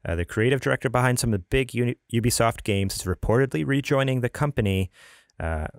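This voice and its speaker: A man's voice: medium pitch, fast talker, no room sound, clean studio sound. A man hosting a casual gaming podcast, chatty and rambling, often laughing. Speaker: podcast host.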